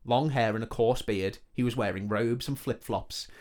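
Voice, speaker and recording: A man's voice: medium pitch, moderate pace, a little mellow. A man reading a comedic fantasy story aloud in a joking manner. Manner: joking, laughs between lines.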